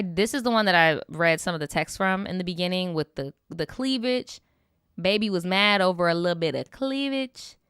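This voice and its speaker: A woman's voice: mid-range voice, fairly bright tone, clear, resonant tone, no echo, studio quality. A young woman hosting a casual storytime stream, reading viewer updates and reacting with slangy, sarcastic commentary.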